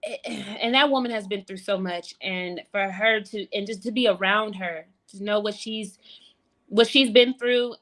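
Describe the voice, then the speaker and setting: A woman's voice: mid-range voice, pushed and bright. A woman guest on a video call, gushing effusively about people who inspired her. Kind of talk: casual chat on a video call.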